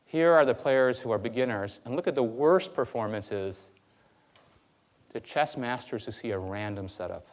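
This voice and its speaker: Lecturer, man, mid-pitched, chatty classroom delivery with many "okay?" checks. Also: normal speed. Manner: lively, conversational, frequent fillers and "okay?". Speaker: university lecturer. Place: lecture hall.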